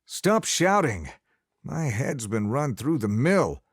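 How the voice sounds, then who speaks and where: A man's voice: mid-range voice, animated, a little slow, breathy edge, no echo, clean studio sound. A man doing a cursing hot-headed young man. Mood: shaken. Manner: shouting, cursing, panicky. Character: rough, hot-tempered young man, hungover.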